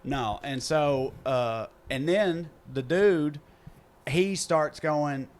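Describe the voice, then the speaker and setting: A man's voice: a little high, extremely slow. A man with a Southern US accent, a podcast host telling a story in casual chat, acting out the people he quotes, recorded in a theater green room.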